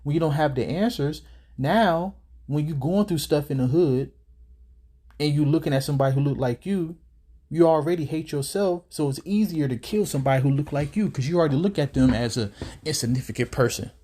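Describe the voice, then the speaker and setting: A man's voice: a little high, a little fast, dark tone, slightly rough. Out of breath guy reacting to a clip, preachy, reads bible verses, street talk. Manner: preachy, quotes scripture at length. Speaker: scripture commentator reacting to a clip. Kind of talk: religious reaction commentary.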